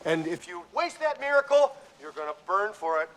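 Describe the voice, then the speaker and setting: Cast: middle-aged TV exec, high, bright, emotional and stammering. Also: male voice, very animated, moderate pace. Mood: earnest. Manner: emotional, stammering, rising to shouts. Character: middle-aged male TV executive, redeemed cynic. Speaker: film character delivering a speech. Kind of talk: film dialogue.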